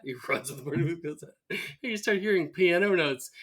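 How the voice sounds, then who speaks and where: A man's voice: medium pitch, a little fast. A man co-hosting a podcast in casual chat, retelling TV scenes with laughs and acting out the quoted lines. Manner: animated storyteller, acts out quoted lines with laughter. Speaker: podcast co-host. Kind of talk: casual chat recapping a TV episode.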